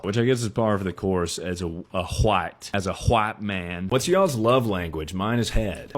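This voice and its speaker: A young man with a lowish voice, talking to his stream in a dry, deadpan way. He tosses out crude one-liners and answers viewers' questions with flat comebacks. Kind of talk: comedic stream chat.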